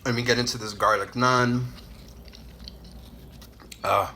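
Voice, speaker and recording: A young adult man from Puerto Rico chatting casually while eating on camera, loud and playful with frequent hums of enjoyment. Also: medium pitch, fairly even intonation, takes it slowly, a little hiss or hum. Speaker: mukbang vlogger.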